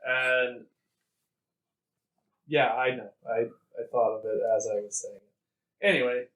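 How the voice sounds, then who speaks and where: A man's voice: mid-range voice, fairly even intonation, slow pace, a bit bright, reverberant, poor audio. A man running a tabletop game as game master, laughing often and joking with his players.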